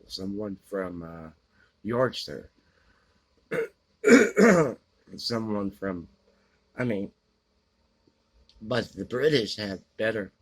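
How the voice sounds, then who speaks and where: A man giving blunt, grumbling book opinions in a halting way, with lots of fillers and frequent throat clearing. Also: low-pitched. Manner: grumbling, opinionated about books. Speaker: book vlogger answering a question tag. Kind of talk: casual unscripted talk to camera.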